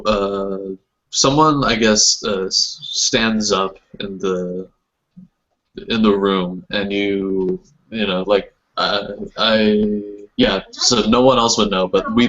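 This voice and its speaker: A man's voice: on the low side, fairly even intonation, slow pace, fairly bright tone. A man narrating as game master of a tabletop game, rambling with fillers and restarts. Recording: dull lo-fi sound.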